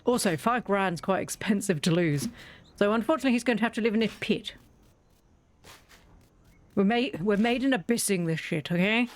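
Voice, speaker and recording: A woman talks her way through a game in a loose, chatty stream of thought. She mocks her own mistakes and speaks tenderly to the creatures on screen. Her voice sits at an ordinary middle pitch. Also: moderate pace, long pauses. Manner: wry and self-mocking. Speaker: gaming video creator. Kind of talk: casual let's-play commentary.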